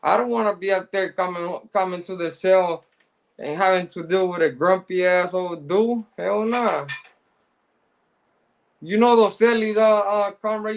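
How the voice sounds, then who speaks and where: Brief: middle-aged male host with a high voice, easygoing slang-heavy chat, reads out comments. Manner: laid-back street slang, shout-outs to viewers. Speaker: live show host. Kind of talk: casual chat, reading out viewer comments.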